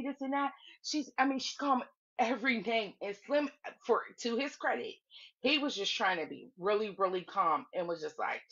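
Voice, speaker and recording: A woman casually recounting a livestream drama, acting out everyone's lines with big jumps in her voice and frequent laughter. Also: moderate pace. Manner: animated, acts out quotes with big pitch jumps and laughter. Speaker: live stream commentator. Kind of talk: casual storytelling recap. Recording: slightly dull lo-fi audio.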